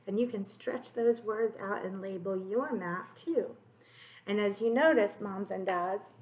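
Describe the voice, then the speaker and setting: A woman teacher talks young children through a phonics lesson at a very unhurried pace. She draws out each sound gently and encourages the kids. Her voice rings in a roomy, echoey space. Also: mid-range voice. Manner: slow, drawn-out sounding of letters. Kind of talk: early-grade phonics lesson.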